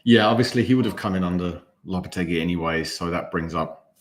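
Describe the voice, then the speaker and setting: A man's voice: low-pitched, a little fast. A man with an English accent co-hosting a casual fan watch-along, speaking in a well-enunciated, wry and rambling way. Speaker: fan channel co-host.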